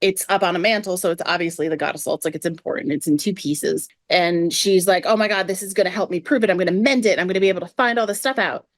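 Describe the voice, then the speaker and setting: A woman's voice: on the low side, fast talker, hardly any pauses, no room sound, studio quality. Woman podcast host retelling game lore. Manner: retells game quests with quoted lines. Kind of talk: casual podcast chat.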